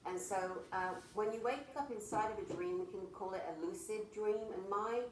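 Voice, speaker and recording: A woman's voice: lowish voice, roomy sound, far from the mic, slight background noise, rough recording. A woman hosting an interview, sharing her own experience in a chatty, reflective way. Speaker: interview host. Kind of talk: casual conversation.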